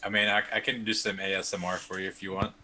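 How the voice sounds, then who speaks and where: Deep-voiced laid-back man. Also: little pitch movement, fast, sharp tone, a little hiss or hum. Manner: laid-back, rambling, joking. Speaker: tabletop game player. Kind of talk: casual chat during a virtual game. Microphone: home microphone on a video call.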